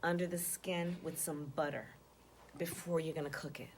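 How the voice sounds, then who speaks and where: A woman in played clips, speaking in public and telling anecdotes in an animated way, often repeating her phrases. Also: deep voice, moderate pace, noisy background.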